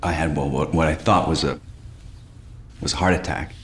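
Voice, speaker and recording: An actor playing an anxious, washed-up middle-aged male stand-up comic, talking in a halting, stammering, self-deprecating way in a film. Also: very deep voice, fairly bright tone, slight background noise. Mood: nervous. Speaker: stand-up comedian. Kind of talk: film stand-up set and show pitch.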